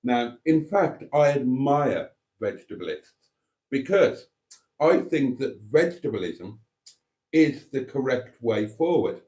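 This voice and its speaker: A man hosting a live stream in a deadpan, mock-pompous way, rambling with many fillers as he reads out viewer comments. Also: mid-range voice, measured pace.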